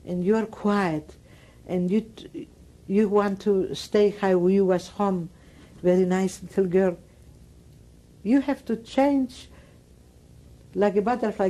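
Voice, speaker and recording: Older woman from Greece, Greek accent, non-native English, warm low-bright tone, emphatic oral-history speaker. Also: takes it slowly. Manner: broken English, emphatic and repetitive storytelling. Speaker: Holocaust survivor interviewee.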